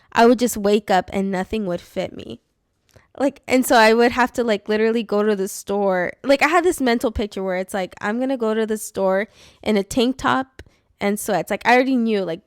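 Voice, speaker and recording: Smooth-voiced woman telling a story. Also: mid-range voice, no echo, clean studio sound. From California. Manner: rambling storytelling with frequent "like" and laughs. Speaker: podcast co-host. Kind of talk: casual chat.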